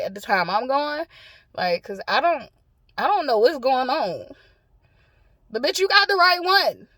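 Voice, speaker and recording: Vlogger, woman, blunt and profane, high voice, casual car rant, often laughing. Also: no echo. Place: parked car.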